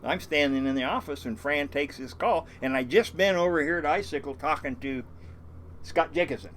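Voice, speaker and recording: A man's voice: fairly high pitch, moderate pace, fairly bright tone, slight background noise. An older man, a fishing boat captain, telling rambling stories in a casual interview, swearing freely and chuckling through many restarts.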